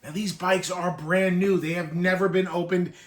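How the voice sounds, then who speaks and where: This high-pitched male voice barely moves in pitch and runs at normal speed. A toy collector in his thirties from the Northeastern US tells an emotional childhood story to camera in a room full of collected toys, rambling wistfully and choking up at times.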